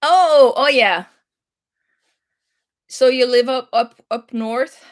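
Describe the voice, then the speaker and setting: A chatty woman hosting a relaxed live stream, talking to her viewers and laughing easily between thoughts. Her voice sits a little high, and she takes her time, speaking at an unhurried pace. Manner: chatty, laughs often, reads viewer comments aloud. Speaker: host. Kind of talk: casual live-stream chat.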